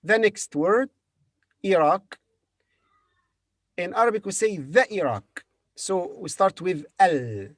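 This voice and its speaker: A man leads a beginner language lesson at an unhurried, very slow pace. He spells each word out letter by letter and repeats it over and over for the learner. The sound is dry and close, with no room echo. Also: high voice, animated. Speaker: Arabic teacher.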